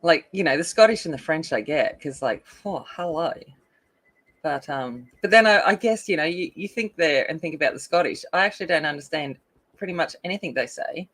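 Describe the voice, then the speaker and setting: Lively Australian woman chatting while colouring. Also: deep voice, brisk. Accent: North Queensland Australian. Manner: chatty, giggly, rambling with many fillers. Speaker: colouring channel host. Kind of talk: casual chat while colouring.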